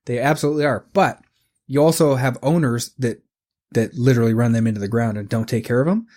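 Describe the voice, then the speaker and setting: A man's voice: medium pitch, dark tone. A man in his forties co-hosting a podcast, rambling and ranting with lots of swearing. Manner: rambling, profane ranting, quick restarts. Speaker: podcast co-host. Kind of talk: casual podcast chat.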